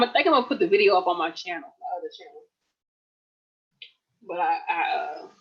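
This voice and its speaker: Relaxed, chatty woman in her late twenties. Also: mid-range voice, highs cut off. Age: late 20s. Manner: relaxed and chatty, addresses viewers as y'all. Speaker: nurse vlogger. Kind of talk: casual chat on a livestream. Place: at home.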